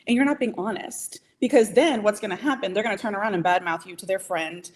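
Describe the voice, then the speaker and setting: A woman giving a live training to small business owners, talking directly and emphatically, and checking in often with "okay?" and "right?". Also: mid-range voice. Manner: emphatic, coaching, keeps asking "okay?" and "right?"; direct and motivational, speeds up and slows down.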